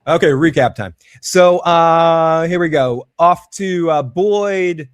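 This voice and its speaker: A man hosting a live show from a warm room at home, joking and animated, with a close mic. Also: a little high, slow pace, loud music behind the voice. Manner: joking, animated, quotes characters in put-on voices. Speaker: host. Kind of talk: casual live show chat.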